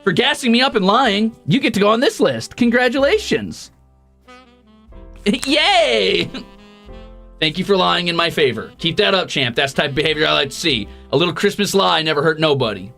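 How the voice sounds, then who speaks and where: Man, streamer, high bright voice, swearing, teasing, faint background music. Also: very animated, moderate pace, vocal fry. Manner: profane, teasing, mock-grumpy banter. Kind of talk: casual livestream chat, reading donations.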